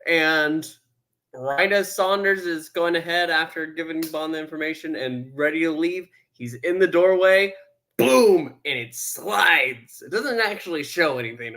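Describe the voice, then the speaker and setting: A man co-hosting a casual movie review, recapping in a halting way with many ums and uhs and dry asides. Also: a little high, pushed and bright. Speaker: movie review podcast co-host.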